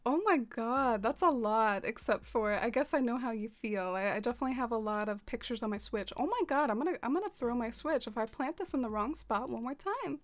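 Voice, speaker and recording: Soft-spoken woman streamer, higher voice. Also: animated, brisk, few pauses. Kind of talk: casual livestream chat.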